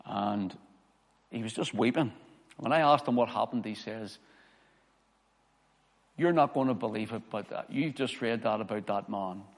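A man's voice: fairly low pitch, unhurried, pauses often. A man preaching a sermon as pastor, reading scripture with emphasis and telling personal stories. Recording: long hall reverb.

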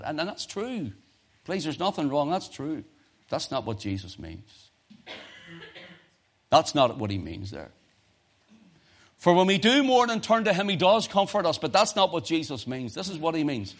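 Impassioned man preaching a sermon. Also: a little high. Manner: rises to impassioned cries, then drops to quiet urgency; archaic scripture quotations in King James wording.

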